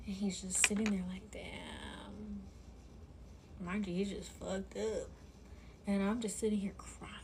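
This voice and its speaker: A woman's voice: mid-range voice, steady tone, moderate pace, a little hiss or hum. A woman telling a personal story in casual chat, full of fillers, often dropping to a whisper when she quotes someone. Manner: chatty, full of "like", drops to a whisper when quoting.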